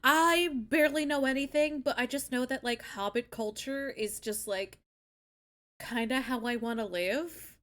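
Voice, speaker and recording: A woman's voice: sits high, a little slow, a bit bright. A young woman hosting a live stream, chatting casually and swearing freely as she reacts to stories. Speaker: streamer host.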